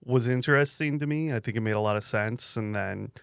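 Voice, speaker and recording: A man co-hosting a podcast in casual chat, speaking in a measured, articulate way. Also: medium pitch, creaky, smooth, no echo, studio quality. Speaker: podcast co-host.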